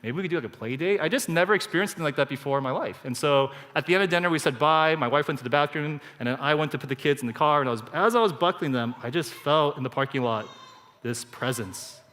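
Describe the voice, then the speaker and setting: A man, preaching a sermon in a relaxed, conversational way and telling personal stories with animated asides. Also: on the high side, fast talker. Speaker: pastor. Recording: church hall with long reverb.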